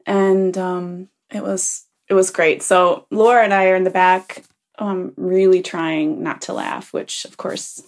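An adult woman who is a parent leaves a rambling message for a podcast, sharing a funny anecdote packed with ums, chuckles, and self-corrections. Her voice is fairly low and fairly even in intonation, and she speaks unhurriedly.

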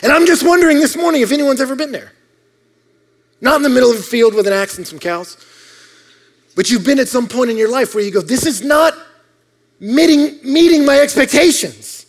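High-voiced man preaching with a story. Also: fast, pauses often. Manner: animated storyteller, swings from loud to hushed. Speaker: pastor. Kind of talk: sermon with a personal story.

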